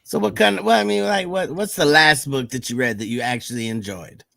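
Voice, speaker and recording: A man's voice: fairly high pitch, a little fast, gravelly, a bit bright, no room sound, clean studio sound. A man with a Southern drawl, raised in Alabama, chatting bluntly and crudely on a stream. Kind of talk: casual chat.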